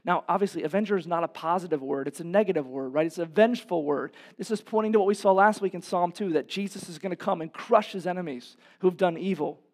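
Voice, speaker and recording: A pastor preaches a sermon in church, impassioned and fast with hardly any pauses. He poses rhetorical questions to the congregation and swings from loud, emphatic peaks to hushed, low passages.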